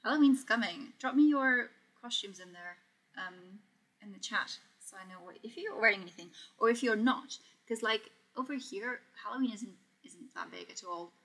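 A young Portuguese woman with a fairly high, slightly bright voice talks at normal speed during her casual sewing livestream. She's chatty as she works, reads comments aloud, and laughs frequently.

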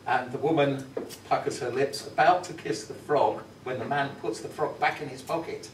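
A man's voice: mid-range voice, steady tone, moderate pace. Man lecturing in an echoey classroom. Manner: thoughtful, storytelling, instructive. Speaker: visiting professor leading a music workshop. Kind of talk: workshop lecture. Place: university classroom. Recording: roomy classroom from far off, noisy.

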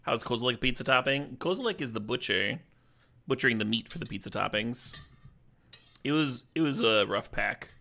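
A man streaming a card game draft, talking casually in a playful, joking way and swearing when excited. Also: mid-range voice, moderate pace, creaky.

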